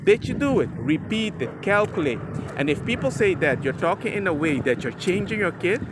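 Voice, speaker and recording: A man talks straight to his viewers in an emphatic, chatty way. His voice sits high and swoops all over the place. He sounds like a dad giving friendly advice to his audience. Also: normal speed, background noise. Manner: animated, emphatic, chatty, addresses viewer as "bro". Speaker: father sharing parenting advice. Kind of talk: casual talk to camera.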